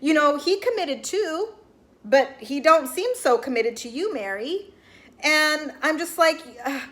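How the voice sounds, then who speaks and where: A woman's voice: sits high, expressive, unhurried, a bit bright. A woman giving a casual recap of a reality show, chatty and full of "like" and "you guys", acting out what the people on the show said.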